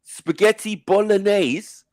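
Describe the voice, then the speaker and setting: A man's voice: high voice, takes it slowly, no room sound. Exasperated man hosting, dry sound. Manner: animated, exasperated ranting with swearing. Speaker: stream host. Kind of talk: casual panel chat.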